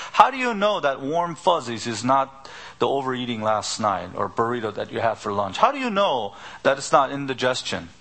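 A man preaches a sermon as a pastor, using a mid-range, bright voice with a forceful tone. He emphatically presses his listeners with one rhetorical question after another, repeating them.

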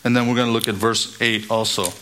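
A man's voice: lowish voice, fairly even intonation, quick pace, pushed and bright, a little hiss or hum. A male pastor preaching a sermon, emphatic, with rising exclamations and scripture readings.

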